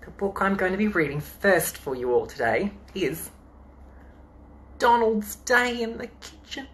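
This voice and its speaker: A man's voice: sits high, big pitch swings, normal speed. A man with an Australian accent reading children's books aloud as a drag queen during a live-streamed storytime from home into a phone, chatting in a playful, campy way between pages.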